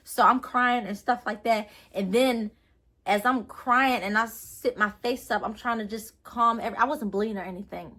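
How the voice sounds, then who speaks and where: A woman's voice: on the high side, normal speed, sharp tone. Young woman rambling through a storytime vlog. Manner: rambling, earnest retelling full of fillers. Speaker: vlogger.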